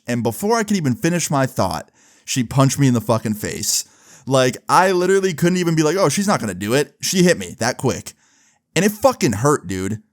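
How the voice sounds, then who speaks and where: A young man in a mid-range voice tells a personal story in a loose, casual way. He swears freely and leans on fillers as he talks. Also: mid-range voice. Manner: casual, profane, lots of fillers.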